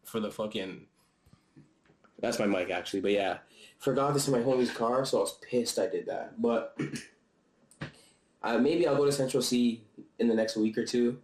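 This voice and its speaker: Recorded on a camera-mounted mic in an echoey room, with a little hiss or hum and poor audio overall, a young man casually reviews a concert. He's slightly out of breath, speaking at normal speed with frequent pauses in a medium-pitched, darkish voice, his vlog loose, slangy, profane and full of laughter.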